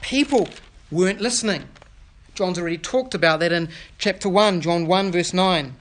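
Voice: medium pitch, normal speed. New pastor preaching a sermon. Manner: addresses children with questions, earnest, explains scripture.

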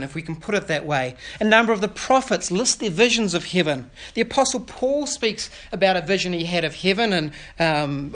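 Kiwi-preacher, earnest sermon, asking the kids stuff, average pitch. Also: fairly bright tone. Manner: addresses children with questions, earnest, explains scripture. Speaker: pastor.

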